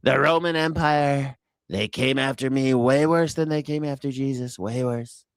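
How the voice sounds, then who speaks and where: A man's voice: mid-range voice, steady tone, normal speed, clear, resonant tone, dry recording, studio quality, natural voice. A man voicing a whiny, self-pitying man-child politician in a mock babyish whine.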